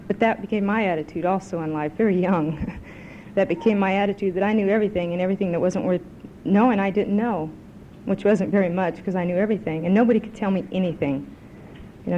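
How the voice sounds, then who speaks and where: A woman's voice: mid-range voice, warm tone, lo-fi sound, slight background noise. A woman speaking at a recovery meeting, a chatty, self-mocking storyteller who tells a joke. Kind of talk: personal recovery talk with a told joke. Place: club meeting room.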